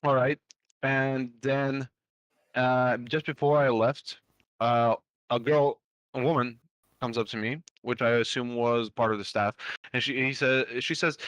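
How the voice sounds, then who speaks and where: A man's voice: mid-range voice, steady tone, unhurried, a bit bright, no room sound. A young man telling a long story on a podcast in a loose, rambling way, with lots of fillers and casual swearing. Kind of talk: casual storytelling among friends.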